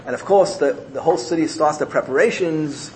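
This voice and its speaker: A man giving a sermon through animated storytelling, repeating key phrases for emphasis. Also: a little high, brisk, a little hiss or hum, rough recording. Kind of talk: sermon built on told parables.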